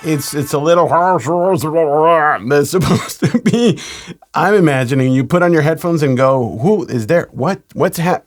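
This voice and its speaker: A man working as a mix engineer, walking through a studio mixing tutorial in a relaxed, explanatory way. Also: mid-range voice. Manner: relaxed, explanatory, chuckles now and then.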